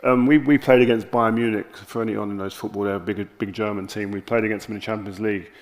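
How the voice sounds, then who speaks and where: A man with a South London accent, an interview guest telling candid stories on stage with animated, lively quoted dialogue. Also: lowish voice, fast. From South London, England.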